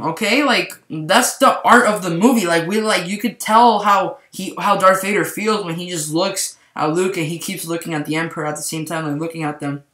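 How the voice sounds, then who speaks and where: A man's voice: fairly high pitch, a bit bright. A man giving a casual spoken movie review, rambling and saying "like" constantly. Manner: rambling, heavy use of "like". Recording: echoey room.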